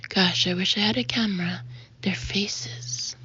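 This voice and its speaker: A woman reading a first-person audiobook, lively and expressive, emphatic in the dialogue. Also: mid-range voice, a little slow, slight background noise. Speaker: audiobook narrator. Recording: dull, muffled audio.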